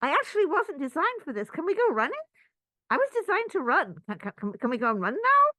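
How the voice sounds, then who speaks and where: A woman's voice: sits high, huge pitch swings, fast, sharp tone, no room sound, pitched above the performer's own voice, heavily acted. A woman doing a whiny pleading talking body. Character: the human body, a restless pleading childlike voice.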